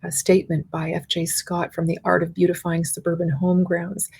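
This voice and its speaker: A middle-aged woman delivers a conference keynote in a lowish voice with plenty of gravelly fry. Her tone is a little husky. She speaks in an articulate, measured way and builds her points in lists. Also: monotone, a little mellow. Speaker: keynote speaker, university professor.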